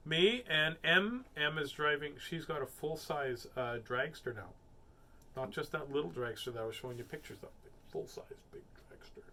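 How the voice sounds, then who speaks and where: A middle-aged man hosts his nightly reading show, narrating a picture book in a playful, animated way. His voice rises and falls with plenty of swing, and he chats loosely between stories. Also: fairly high pitch. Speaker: host of a nightly reading livestream.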